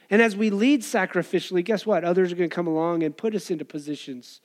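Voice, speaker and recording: A pastor preaching a conversational sermon to his church, acting out voices from the story. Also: sits high. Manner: conversational preaching, acts out crowd and beggar voices.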